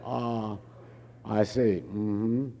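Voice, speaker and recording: A man voicing a commanding, wealthy older woman who runs a store, brisk and decisive. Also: fairly low pitch, fairly even intonation, gravelly, highs cut off, heavily acted. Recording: long hall reverb.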